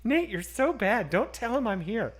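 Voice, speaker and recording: A man voicing a giggly, friendly middle-aged mom in a high, squeaky falsetto while reading a comedy script aloud. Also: very animated, moderate pace, breathy edge, exaggerated voice. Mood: teasing giggly.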